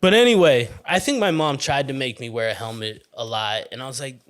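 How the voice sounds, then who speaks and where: A man's voice: medium pitch, fairly quick, few pauses, a bit bright, smooth. Rambling, profane male podcast host. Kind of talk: casual storytelling monologue.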